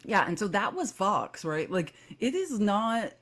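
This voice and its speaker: A woman co-hosting a casual political commentary show, animated and quick with asides. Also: mid-range voice. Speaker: co-host.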